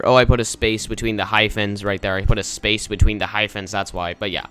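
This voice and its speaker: A man's voice: fairly low pitch, little pitch movement, fairly quick, hardly any pauses, bright, forceful tone, clear, resonant tone, faint music behind. A young man casually talking through a game walkthrough in a rambling, offhand way. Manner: rambling, casual, easily confused. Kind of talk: casual gameplay commentary.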